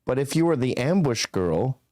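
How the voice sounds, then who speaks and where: A man's voice: medium pitch, very animated, moderate pace, darkish tone, dry recording. A man in his fifties, a podcast guest telling stories in a blunt, profane, casual way. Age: 50s.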